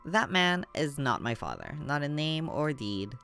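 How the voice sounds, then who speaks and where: A man voicing a hostile, sharp-tongued young woman who sneers as he reads a game aloud. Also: fairly high pitch, sing-song, unhurried, faint music behind, heavily acted. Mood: bitter. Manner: sneering, scornful.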